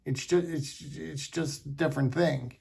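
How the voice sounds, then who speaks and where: A middle-aged man talks to camera about his knives in a rambling, halting way and keeps circling back on himself. His voice is strongly gravelly with heavy fry, and it sits a little high for a man. The tone is sentimental and casual. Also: fairly even intonation, darkish tone. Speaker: knife collector vlogger.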